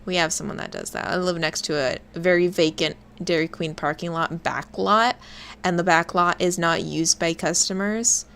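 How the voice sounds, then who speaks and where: A woman's voice: on the low side, moderate pace, creaky, fairly bright tone, slight background noise. A young woman casually commenting on a game and reading its text aloud, swearing offhandedly and stumbling over long words. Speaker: game streamer.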